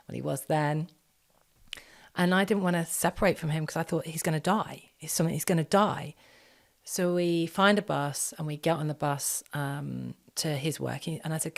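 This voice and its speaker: Woman guest telling a story, deep voice with lots of fry, animated. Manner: animated, acts out quoted dialogue in quick bursts. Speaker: podcast guest, shaman. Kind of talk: storytelling in conversation.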